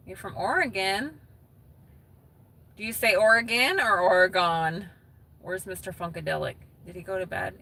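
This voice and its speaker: A woman's voice: mid-range voice, unhurried, vocal fry, long pauses, sharp tone. A woman chatting casually with viewers on a live stream, reading their comments aloud and laughing often.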